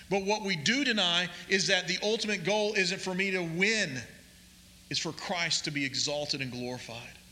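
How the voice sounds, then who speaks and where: Male pastor, sermon, emphatic and deliberate, edgy forceful tone, reverberant hall. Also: high voice. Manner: deliberate, emphatic preaching with slowed key phrases.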